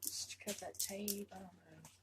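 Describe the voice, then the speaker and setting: A woman unboxing a doll on her vlog, gushing with repeated exclamations and drifting into soft murmurs. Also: mid-range voice, fairly even intonation, normal speed, very noisy. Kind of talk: casual excited unboxing chat.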